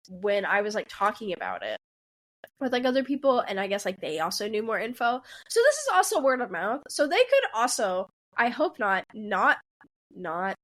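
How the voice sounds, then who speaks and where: A woman in her twenties co-hosting a podcast, talking in a rambling, animated way with many restarts. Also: a little high. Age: 20s. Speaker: podcast co-host. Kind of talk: casual chat.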